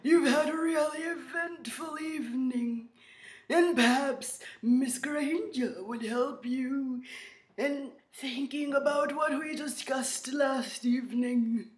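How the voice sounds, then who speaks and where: A woman voicing a very old, wise male headmaster who speaks in a slow, measured way. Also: sits high, pitched above the performer's own voice. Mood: gentle. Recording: roomy echo.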